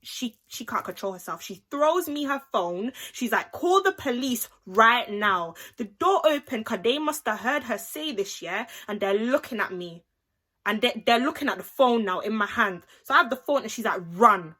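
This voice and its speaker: A young woman telling an animated, slangy story in a casual vlog, acting out the people she talks about. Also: a little high, normal speed. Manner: animated, acts out the voices of the people in her story; slangy, chatty, with lots of "like" and "innit". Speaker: vlogger.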